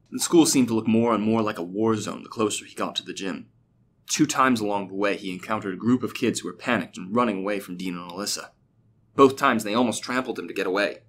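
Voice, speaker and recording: A man reading a fictional story aloud as a steady, even narrator. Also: on the low side, a little hiss or hum.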